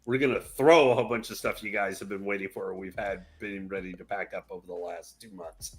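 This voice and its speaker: A man co-hosts a live stream, chiming in with teasing jokes. His talk is casual, relaxed banter with the host. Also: low-pitched, brisk.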